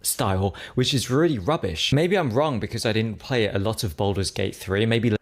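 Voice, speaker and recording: A man's voice: on the low side, moderate pace. A man reviewing a video game in a dismissive, complaining way. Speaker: game reviewer in a played clip.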